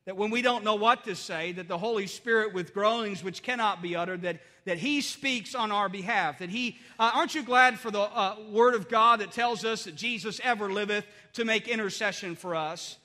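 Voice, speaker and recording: Middle-aged guy preaching, really high voice, long reverb like a big sanctuary. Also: moderate pace, few pauses, bright, forceful tone. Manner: earnest, conversational with frequent restarts and fillers. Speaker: pastor. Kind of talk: sermon. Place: church sanctuary.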